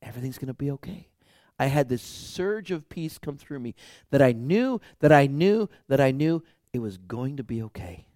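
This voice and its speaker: A man's voice: mid-range voice, big pitch swings, normal speed, mellow, no echo, studio quality. A male pastor preaching a sermon, telling stories animatedly with a voice that climbs when he gets worked up.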